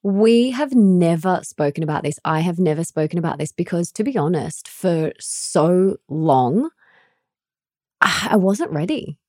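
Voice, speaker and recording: Playful woman podcast host, lowish voice. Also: expressive, a little slow, warm tone, no room sound, clean studio sound. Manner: playful, teasing, laughing often. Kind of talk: casual podcast chat.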